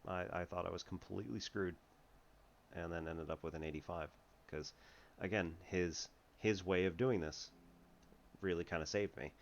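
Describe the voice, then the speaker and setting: A man's voice: low voice, fairly even intonation, normal speed, pauses often, muffled recording, slight background noise. A man tutoring math in a casual, rambling way, laughing often and restarting his sentences. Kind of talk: casual lesson chat.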